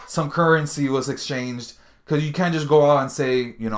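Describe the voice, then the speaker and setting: A man's voice: fairly high pitch, moderate pace. Profane rambling man hosting a podcast. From Miami, Florida. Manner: rambling and heavily profane, with sudden loud outbursts. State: tired and hungry. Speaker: podcast host. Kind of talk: casual podcast monologue, reading news aloud.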